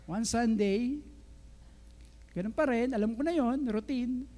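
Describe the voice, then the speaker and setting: High mellow Filipino pastor in a hall. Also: male voice, measured pace. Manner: lively storyteller who acts out dialogue and laughs along. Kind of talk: sermon. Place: church sanctuary. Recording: reverberant church hall.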